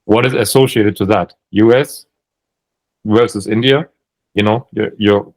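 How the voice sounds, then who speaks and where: A man with a German accent talks through sales-call advice in an easygoing chat. His voice sits fairly low, and he thinks aloud, often restarting his sentences. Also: steady tone, unhurried, low-quality recording. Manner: thinking aloud, many restarts and hedging fillers. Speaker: sales coach. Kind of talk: casual coaching chat.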